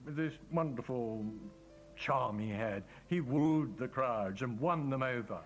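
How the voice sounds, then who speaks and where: A man's voice: mid-range voice, takes it slowly, faint music behind. A man speaking admiringly about history in a documentary interview. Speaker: interviewed commentator.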